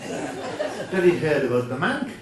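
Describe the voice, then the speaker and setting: Rambling comic folk singer, echoey hall. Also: male voice, fairly high pitch, takes it slowly, a crowd in the background. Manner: rambling, deadpan comic patter with self-corrections. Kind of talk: comic storytelling at a live folk gig. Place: live venue with audience. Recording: echoey room from far off.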